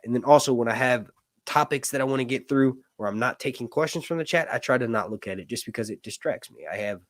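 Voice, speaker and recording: A man's voice: mid-range voice, no room sound, clean studio sound. A man hosting a casual livestream chat, rambling with lots of fillers and jokes. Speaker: host.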